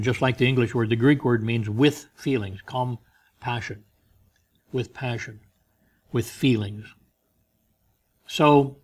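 A man preaching a sermon, emphatic, with soft asides. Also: mid-range voice.

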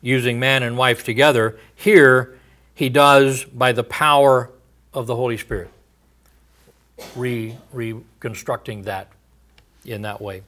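A man preaching a verse-by-verse sermon, thinking aloud with frequent fillers and restarts, often trailing off into a low murmur at phrase ends. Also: a bit bright. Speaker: pastor. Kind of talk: expository sermon.

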